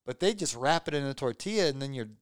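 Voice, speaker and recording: A man's voice: medium pitch, lively intonation, fast talker, clean tone, no room sound. A man in casual chat, telling a rambling story and teasing his friend.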